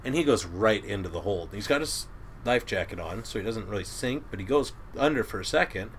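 A middle-aged man with a bright, forceful voice spins lively fishing stories, voicing the people in them and laughing along. A faint hum of background sound sits under his voice. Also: fairly low pitch, a little fast. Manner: animated storyteller who acts out quotes and laughs. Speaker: crab boat captain and guest. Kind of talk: casual storytelling chat.

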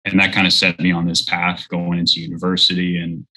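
A man in his thirties, guesting on an interview, earnestly shares a personal faith story and acts out the voices of people in it. His low voice is monotone, brisk, and sharp, and the audio is poor.

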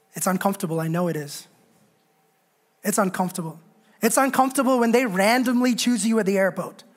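A man preaching a sermon as a pastor, moving from raised, fervent passages to quiet, joking storytelling. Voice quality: swings from loud preaching to low, quiet asides. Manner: humorous storytelling with self-deprecating jokes.

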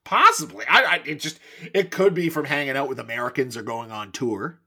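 A man hosting a podcast, chatting in an animated, quick-reacting way. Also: medium pitch, husky. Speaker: podcast host. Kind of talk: casual chat.

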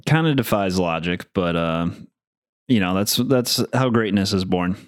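A man co-hosting a casual chat, talking in an easygoing, relaxed way. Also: low voice, measured pace, no echo, clean studio sound. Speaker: podcast co-host.

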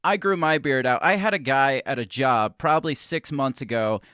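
A man's voice: mid-range voice, normal speed, a bit bright, clean tone, dry recording, clean studio sound. A man hosting a podcast in a loose, joking way, chatting and laughing with a guest. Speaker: podcast host. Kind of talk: casual podcast chat.

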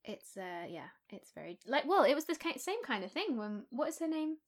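Giggly young woman, lively voice. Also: sits high, fairly quick. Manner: giggly, rambling with frequent laughs. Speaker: podcast co-host. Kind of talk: casual chat.

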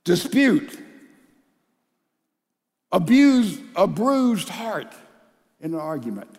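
An older man delivers a sermon from the pulpit, emphatic and unhurried, slipping into voices to act out quarrelling couples. His voice sits high for a man. It carries with a long, echoing reverb through a large church. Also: big pitch swings, a little mellow. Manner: emphatic preacher acting out couples' quarrels in dialogue. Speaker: pastor.

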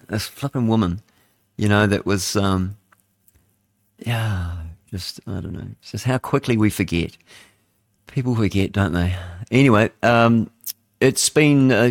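A man's voice: fairly low pitch, no echo, clean studio sound. A man with a New Zealand accent hosting live talk radio, rambling and opinionated, with plenty of fillers and chuckles. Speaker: radio talk show host. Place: radio studio.

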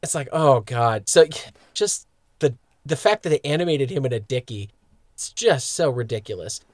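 A man's voice: mid-range voice, animated, normal speed, no room sound. A man co-hosting a podcast, chatting casually and animatedly about a cartoon, laughing often and swearing now and then. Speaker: podcast co-host. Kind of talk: casual chat.

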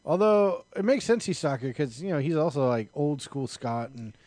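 A man co-hosting a casual chat, relaxed and reacting to his friend. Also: on the high side, normal speed, dry recording.

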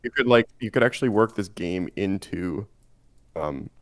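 A man's voice: fairly low pitch, animated, moderate pace, crowd noise. A young man from Canada co-hosting a podcast, chatting casually and hesitantly, thinking aloud with many fillers. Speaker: podcast co-host. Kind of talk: casual chat.

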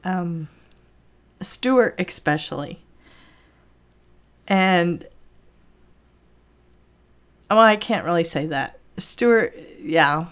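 Slow, reflective older woman. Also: lowish voice, lively intonation. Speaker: podcast guest. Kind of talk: casual interview.

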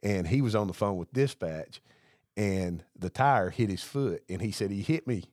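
A man's voice: low-pitched, lively intonation, normal speed, darkish tone, no echo, clean studio sound. A male podcast co-host and police officer, telling profane stories in casual chat and laughing at his own punchlines. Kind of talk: casual storytelling over drinks.

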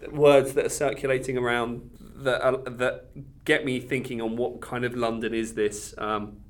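A man's voice: medium pitch, level tone, moderate pace. A man co-hosting a podcast, thinking aloud about a film in a hesitant way, with many fillers and trailing phrases. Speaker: podcast co-host. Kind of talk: casual film discussion.

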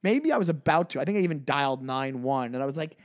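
A man's voice: medium pitch, fast. A man, co-hosting a podcast and telling a story in casual chat, acting out the people he quotes. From New York. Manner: animated, acts out quoted voices loudly. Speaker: podcast co-host.

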